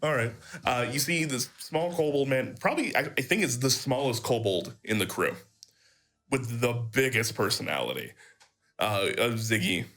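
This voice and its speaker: Lively, bright-voiced game master man. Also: medium pitch, normal speed. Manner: laughing, lively. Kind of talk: narrating a tabletop game.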